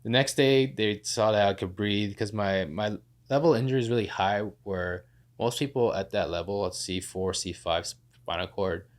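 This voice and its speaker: Low-voiced man telling his story. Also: moderate pace. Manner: animated, acts out quoted voices, many fillers like "like". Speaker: podcast guest. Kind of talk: casual storytelling in conversation.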